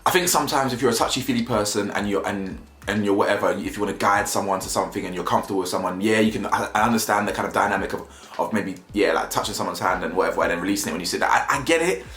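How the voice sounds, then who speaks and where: A man's voice: fairly low pitch, very fast, fairly bright tone. A young man giving slangy, mocking casual commentary as a video reviewer, laughing often. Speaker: YouTube reviewer. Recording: roomy echo, faint music.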